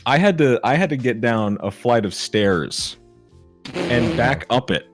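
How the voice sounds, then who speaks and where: A man's voice: mid-range voice, expressive, a little slow. A man with a mid voice that swoops up and down tells a story with big, profane exaggeration. Faint music plays behind the casual talk. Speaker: podcast co-host. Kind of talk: casual chat among friends.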